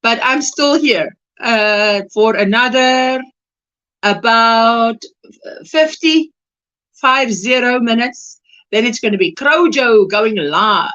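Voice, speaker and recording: Woman with an Afrikaans hosting a chatty livestream, unhurried, bright tone, slightly high voice, laughs a lot. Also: expressive, dull audio. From South Africa. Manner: chatty, laughs often, greets viewers warmly. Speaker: livestream host. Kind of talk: casual livestream chat.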